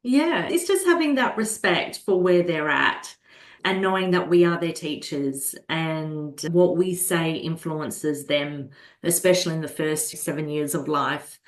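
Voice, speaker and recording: A woman guest speaking calmly and earnestly in a conversational interview about caring for children. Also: low voice. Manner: calm, earnest, slows down when acting out soothing a child. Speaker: guest, children's holistic health practitioner. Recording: roomy echo.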